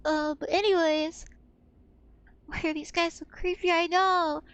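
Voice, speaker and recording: A woman's voice: very high voice, steady tone, measured pace, fairly bright tone, dry recording. A young woman streaming a game, chatting casually, swearing freely and gasping with startled laughter. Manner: swears freely, gasps oh my god, shrieks with laughter. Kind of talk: casual gaming stream chat.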